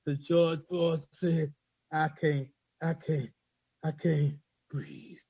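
Guy with a raspy gravelly voice reading his poem, kinda halting at first then rhythmic, dry close sound. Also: a little high, steady tone, mellow, no echo, low-quality recording. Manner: halting and hesitant in speech, rhythmic in recitation. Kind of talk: spoken word poetry reading.

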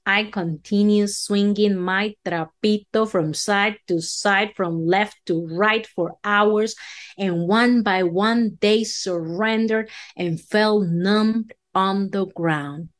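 Woman storyteller, unhurried folksy drawl, mid-pitched, theatrical tall-tale delivery.

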